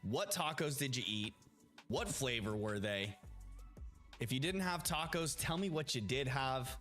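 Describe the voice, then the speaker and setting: A man's voice: medium pitch, big pitch swings, a little slow, fairly bright tone. A man chatting casually to viewers during a live stream, upbeat and greeting people by name. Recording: faint music behind.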